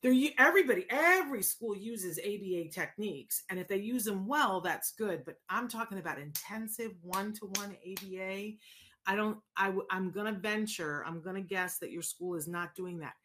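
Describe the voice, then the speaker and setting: A woman hosting a casual live chat, answering viewers in an animated, conversational way and often checking in with "right?". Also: medium pitch, moderate pace. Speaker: host answering viewer questions.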